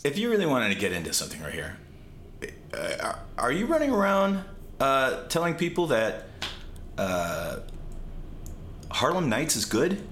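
A man's voice: medium pitch, normal speed, pauses often, a little hiss or hum. A man in casual podcast chat, telling stories with lots of energy and plenty of swearing. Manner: animated storyteller, swears freely. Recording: roomy echo.

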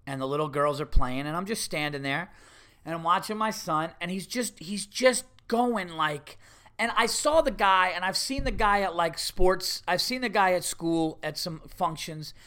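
A middle-aged man hosting a podcast, telling a story in a casual, animated and exasperated way, swearing freely. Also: fairly high pitch, normal speed, clean tone. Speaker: podcast host.

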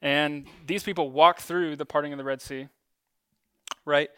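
A man gives a relaxed, conversational sermon, leaning on ums and small jokes at his own expense. His voice sits a little higher than most men's and comes across smooth and resonant. The sound is close and dry, with little room echo. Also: a little slow. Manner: conversational, many ums, self-deprecating asides. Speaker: preacher. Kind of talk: casual sermon teaching.

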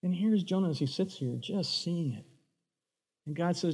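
A male pastor delivers a sermon with a somewhat high voice. He brings the story to life by acting out its characters. His voice rings out with the long reverb of a large hall. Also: normal speed, husky. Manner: animated, acts out voices of Bible figures.

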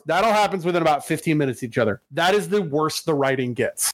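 A man's voice: a little high, animated, fast, dry recording. A man hosting a casual podcast chat, rambling and profane, with many restarts.

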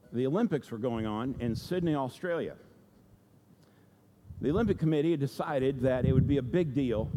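A man's voice: mid-range voice, mellow. A man preaching a sermon, telling a story in a conversational way and checking in with the congregation as he goes. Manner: conversational, asks the audience "okay?" and "right?". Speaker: pastor. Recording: long church hall reverb.

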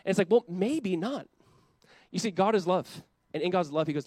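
A man preaching a sermon as a pastor, lively and acting out quick imagined voices as he goes, often breaking off mid-word to restart. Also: high voice, no room sound. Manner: animated, acts out quoted voices, self-interrupting.

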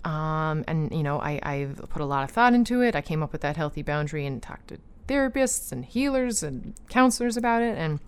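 A woman talking casually about her own life, earnest, with lots of fillers and restarts, growing animated when she retells disagreements. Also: low-pitched, fairly quick, few pauses, smooth. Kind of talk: personal storytelling chat.

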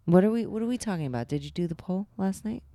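A woman co-hosting a podcast in casual chat, wry and quick to laugh. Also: on the low side, lively intonation, dark tone, dry recording. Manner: wry and laughing, reading aloud. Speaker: podcast co-host.

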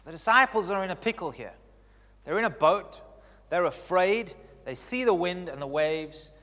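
A man preaching in a large church hall, his fairly high voice trailing off into a long reverb. He stresses key phrases by repeating them and swings between loud declarations and near-hushed lines. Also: animated, moderate pace. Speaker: pastor. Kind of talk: sermon.

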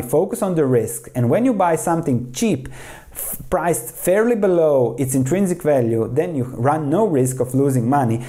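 A man's voice: medium pitch, warm tone. A man steadily explaining investing ideas and reading quoted passages aloud, often restarting words mid-sentence. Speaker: investing commentator.

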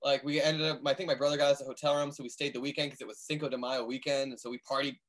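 A man in a band, telling tour stories in casual chat, animated and swearing freely. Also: mid-range voice, very fast. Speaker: band member.

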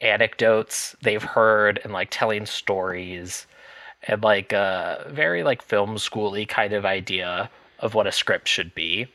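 Low-voiced man rambling about a movie. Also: a little slow, pushed and bright, no room sound. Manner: rambling, hesitant, laughs often. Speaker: podcast co-host. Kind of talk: casual movie chat.

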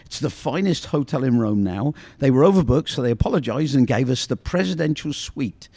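A man reading as an easygoing traveler who calmly brushes off every jab, matter-of-fact and mild, with a lively lilt to the voice. Dry, close sound. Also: medium pitch, brisk, no room sound. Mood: smug.

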